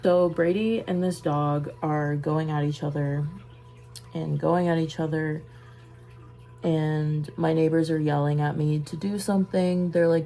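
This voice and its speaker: Low, gravelly, slow-talking woman. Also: steady tone, rough recording. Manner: halting, trails off, sighs and soft asides; busy with a task while talking. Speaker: vlogger. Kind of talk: casual storytelling.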